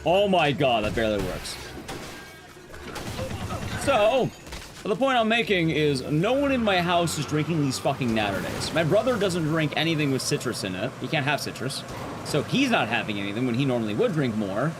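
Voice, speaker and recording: Animated man rambling a profane story. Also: a little high, normal speed, background noise. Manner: swears freely, rambling anecdotes. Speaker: streamer. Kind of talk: casual storytelling while speedrunning.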